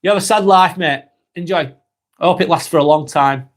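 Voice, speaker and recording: A man's voice: on the high side, fairly quick. An English man hosting a live stream, reading viewers' comments aloud and answering them bluntly, with frequent ums and repeated words. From England. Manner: blunt, dismissive of trolls, repeats himself with ums.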